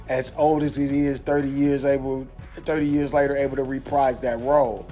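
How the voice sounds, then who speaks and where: A man's voice: medium pitch, level tone, normal speed, few pauses, mellow, soft background music. Rambling man reviewing a movie. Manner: rambling, repeats himself, restarts a lot. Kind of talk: casual video review.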